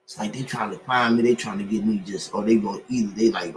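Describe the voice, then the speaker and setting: A man in casual podcast chat, telling stories in an animated way and acting out what others said to him. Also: fairly low pitch, quick pace, hardly any pauses, a little hiss or hum, low-quality recording.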